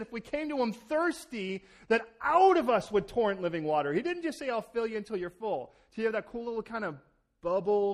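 A male pastor with a high-pitched voice delivers a lively sermon. He acts out quoted conversations and often stumbles into repeated words as he builds a point. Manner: animated, acting out quoted exchanges, repeats words when starting.

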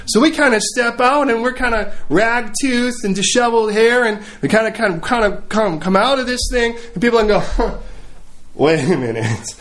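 A man's voice: very high-pitched, a little fast, hardly any pauses. A man preaching a sermon. He tells stories with humor and acts out the scenes as he goes. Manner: animated, humorous storytelling, acting out scenes.

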